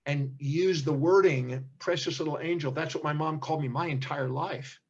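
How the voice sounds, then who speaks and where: A man's voice: on the high side, normal speed, breathy edge, muffled recording. An older man, a seminar teacher, telling stories in an interview and acting out the voices of the people in them. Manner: animated storyteller, acts out quoted speech. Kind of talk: storytelling in an interview.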